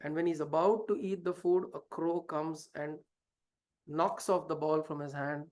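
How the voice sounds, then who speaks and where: In a darkish mid-range voice at normal speed and fairly even intonation, a spiritual teacher turns a scripture lesson into a story. The delivery is hesitant at times, with fillers, restarts and plenty of rhetorical questions.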